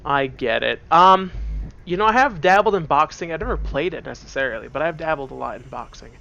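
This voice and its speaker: A man's voice: fairly high pitch, lively intonation, brisk, creaky, bright, forceful tone, highs cut off. A man casually joking and rambling through commentary on a game, seated at a computer at home. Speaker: let's play gamer.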